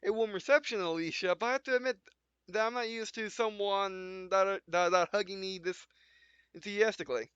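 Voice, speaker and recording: A man voicing an earnest technical crew member who explains things haltingly, reading game dialogue. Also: sits high, fairly bright tone, clean tone, dry recording. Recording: dull lo-fi dry recording.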